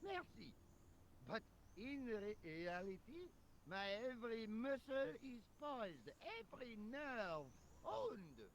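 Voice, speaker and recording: A self-important French police officer in game dialogue, with a French accent. His voice sits very high and he speaks slowly, savouring every word. Faint outdoor noise hums underneath. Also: sing-song, heavily acted. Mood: pompous. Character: pompous French male police officer, grandiose.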